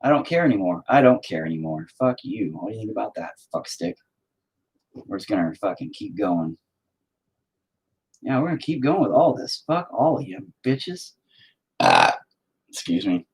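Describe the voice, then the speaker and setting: A man's voice: fairly low pitch, sing-song, normal speed, long pauses, breathy edge, low-quality recording. A man talking casually to his viewers while he paints, cursing constantly and mocking himself as he rants. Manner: profane, ranting, self-mocking. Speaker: painting vlogger.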